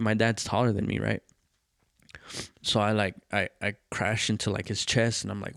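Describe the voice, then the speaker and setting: On a clean, dry studio recording, a podcast host with a lowish, fry-tinged voice tells a personal story at a moderate pace. The chat is casual and profane, and he animatedly acts out what people said.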